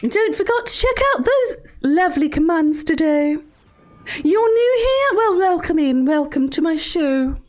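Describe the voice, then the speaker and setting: A woman doing Mother Gooseberry, shrill and sing-song. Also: lively intonation, unhurried, a little mellow. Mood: mock-sweet. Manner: sing-song, mock-sweet, sudden profane outbursts. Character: creepy sing-song woman children's show host. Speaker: streamer. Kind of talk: livestream role-play.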